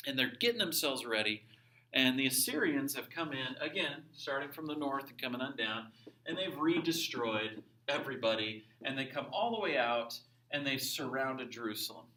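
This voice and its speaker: Animated man teaching a religion class. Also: fairly high pitch. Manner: animated storytelling, acts out quoted characters. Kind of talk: casual classroom lecture.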